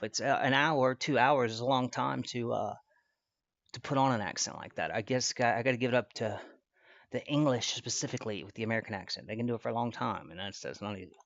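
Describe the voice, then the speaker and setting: A man's voice: medium pitch, dry recording, dull audio. A man hosting a stream, giving casual commentary in a rambling way, full of fillers and restarts. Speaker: stream host.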